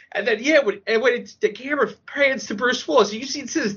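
Excitable high-voiced man, husky and bright. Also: fairly quick, hardly any pauses. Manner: excitable, emotional storyteller, many fillers. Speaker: podcast guest. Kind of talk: casual podcast chat. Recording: dull lo-fi audio.

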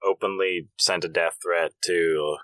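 A man's voice: low voice, fairly even intonation, fairly bright tone, dry recording. A man co-hosting a podcast in casual chat, tossing in short quips and asides. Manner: dry quick quips and asides. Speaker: podcast co-host.

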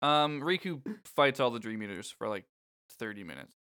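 Man, casual podcast chat, joking, game recap, middle pitch. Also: lively intonation, normal speed, sharp tone, smooth. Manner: joking, laughs often, reads lines aloud.

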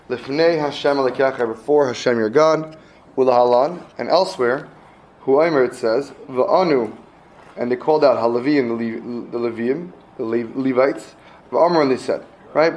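A man's voice: medium pitch, normal speed, a little mellow, low-quality recording. Man teaching a text phrase by phrase. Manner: reads phrase by phrase, translating each; asks students questions, repeats himself. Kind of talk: Mishnah class reading and translating.

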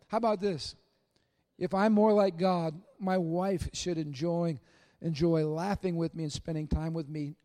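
A middle-aged man preaching a humorous sermon in a church sanctuary. He tells stories with jokes and swings from loud bursts to hushed asides. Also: fairly high pitch. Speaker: pastor.

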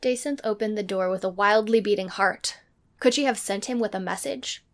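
Female narrator for a novel reading; steady, even delivery with gravelly texture. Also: medium pitch, moderate pace. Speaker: reader and co-host.

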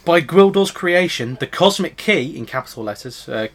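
Man, podcast host, casual chat, slightly raised pitch, jokey and laughing. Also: lively intonation, normal speed. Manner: laughs often, reads reviews aloud with mock commentary.

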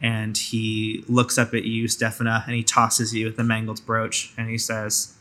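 A man as game master, narrating a tabletop role-play in a relaxed, hesitant way. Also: on the low side, unhurried.

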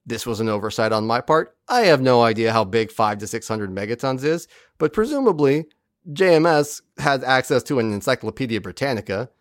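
This podcast co-host has a medium-pitched voice, captured dry and at studio quality. Chatting casually, he recaps an episode with plenty of animation, voicing the characters' lines along the way.

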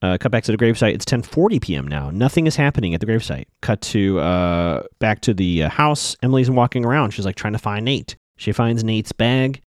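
A man's voice: lowish voice, expressive, fairly quick, hardly any pauses, dry recording, studio quality. A man casually recapping a TV episode, chatting to viewers he calls folks.

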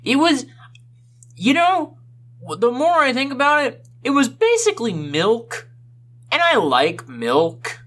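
A man's voice: very high voice, wildly swooping pitch, slow pace, fairly bright tone. A man co-hosting a casual podcast, ranting with exaggerated complaints. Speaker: podcast co-host.

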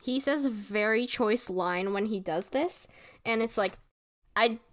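A woman's voice: fairly high pitch, unhurried. A woman co-hosting a podcast who chats casually, giggles often, and gushes about favorite lines. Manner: giggly, enthusiastic. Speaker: podcast co-host. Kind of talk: casual chat.

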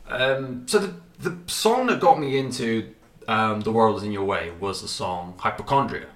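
A man's voice: lowish voice, expressive, normal speed, a bit bright, reverberant, far from the mic. A man casually reviewing albums, rambling and swearing with lots of fillers, a bit stuffy from a runny nose. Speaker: music reviewer. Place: cold apartment.

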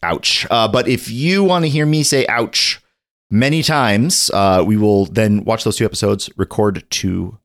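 A man's voice: lowish voice, unhurried. A man co-hosting a podcast in casual chat, jokey and rambling through his plugs for the show. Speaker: podcast co-host.

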